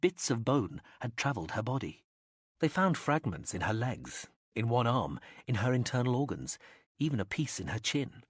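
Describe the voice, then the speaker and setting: Expressive man narrating an audiobook. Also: medium pitch, moderate pace, husky, no room sound, clean studio sound. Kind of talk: scripted narration.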